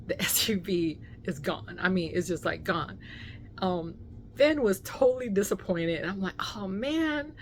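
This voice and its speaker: A woman vlogger telling a casual story time, animated and full of fillers, acting out what people said. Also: lowish voice, normal speed, a little hiss or hum. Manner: animated storyteller, many fillers, acts out quotes.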